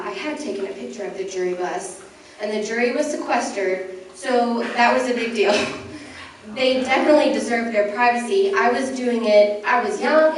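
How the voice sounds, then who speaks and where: A woman's voice: mid-range voice, a little hiss or hum. A young woman giving a candid, self-deprecating personal talk on stage as a journalist, laughing lightly between phrases. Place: event hall before an audience. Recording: very echoey hall, mic from some distance.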